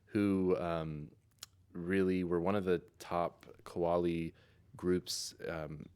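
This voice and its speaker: Young guy from east tennessee, super low voice, laid back, laughs a lot. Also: takes it slowly, clean tone. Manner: relaxed, laughs often, many ums and likes. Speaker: musician guest. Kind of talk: casual interview answers.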